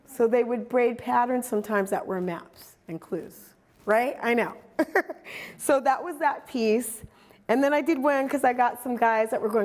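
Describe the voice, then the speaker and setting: A middle-aged woman giving a casual talk about her artwork, animated and acting out quoted dialogue as she tells stories. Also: a little high, normal speed. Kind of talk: casual presentation.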